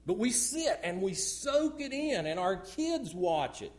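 Man preaching with a lively, swinging pitch. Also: unhurried, few pauses. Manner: dynamic preaching, swinging from loud to hushed. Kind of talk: sermon.

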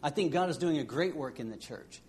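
A man preaching a sermon, earnest and halting, often restarting his phrases as he prays and reads scripture. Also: a little high, animated, a little mellow, a little hiss or hum.

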